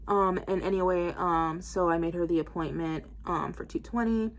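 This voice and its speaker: A young woman in her twenties chats to her camera in a rambling, unscripted way, peppering every phrase with "like" and "um". Her voice sits lower than most women's, with a faint hum of room noise behind it. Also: steady tone, moderate pace, hardly any pauses. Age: 20s. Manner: rambling, heavy use of "like" and "um"; talks while styling her hair. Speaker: vlogger. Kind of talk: casual storytelling to camera.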